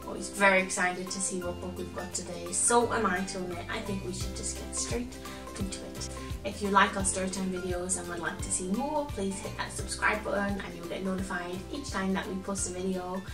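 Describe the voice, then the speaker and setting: A woman reading a picture book aloud to children, gentle and expressive, chatting now and then to a toy companion. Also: mid-range voice, a little fast, recorded from a distance, music in the background. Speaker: children's storyteller. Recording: roomy echo, from off the mic.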